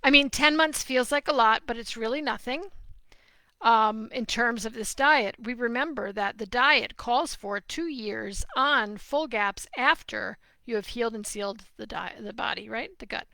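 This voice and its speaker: Slow, bright-voiced emphatic woman. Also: a little high, creaky, no room sound. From New Jersey, USA. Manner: animated, opinionated, emphatic. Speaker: nutrition consultant answering viewer questions. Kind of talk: live Q&A stream.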